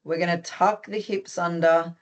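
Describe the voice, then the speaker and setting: An instructor with an Australian accent leads a group through simple stretches and breathing, speaking calmly and steadily. The cues are gently instructive, with small touches of humor mixed in. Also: mid-range voice, normal speed. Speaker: movement instructor. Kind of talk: guided stretching class.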